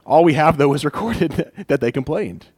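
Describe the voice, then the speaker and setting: A man preaching in a drawl, talking to his congregation like a friend and acting out the voices of complainers. His voice sits a touch high for a man and sounds close and dry, with little room around it. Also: moderate pace, no echo. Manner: animated, acts out voices of complainers with laughs. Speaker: pastor. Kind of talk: conversational sermon.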